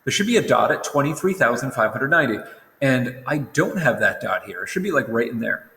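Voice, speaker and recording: A man's voice: medium pitch, very animated, fairly quick, creaky, sharp tone. A tired young man teaching a recorded lesson in a casual, rambling way, often correcting himself. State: tired, yawning. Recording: roomy echo with long reverb.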